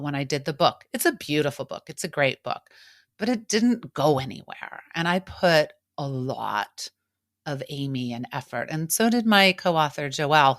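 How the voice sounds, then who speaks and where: A middle-aged woman coach talking candidly and reflectively about her work and feelings, with lively acted-out quotes. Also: low voice. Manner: candid, emotional, animated quotes. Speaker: coach and podcast host. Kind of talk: reflective casual conversation.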